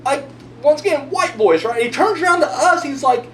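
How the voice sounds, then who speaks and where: A man with a high voice tells a rambling story full of swearing as he answers his viewers. His pitch jumps all over the place. He sounds set back from the mic in a roomy space, with a faint hum underneath. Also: fairly quick, far from the mic. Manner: profane, rambling, animated storyteller. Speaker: video host answering viewer comments. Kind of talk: casual storytelling monologue.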